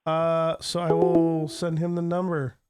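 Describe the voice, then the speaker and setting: A male podcast host whose voice sits fairly high. He talks loosely, with casual swearing and jokes, while he handles the show's call setup. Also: completely flat delivery, a little slow, a little mellow, slight background noise. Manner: loose and profane, jokey.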